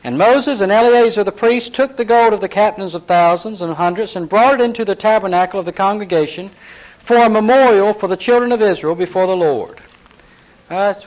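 High-voiced man teaching Bible class. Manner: retells scripture in lively acted voices, asks the class questions. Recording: dull lo-fi recording.

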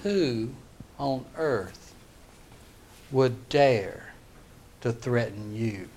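A man's voice: mid-range voice, sing-song, a little slow. A man voicing a powerful king who speaks coaxingly and with emphasis. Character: powerful older king, fond then outraged.

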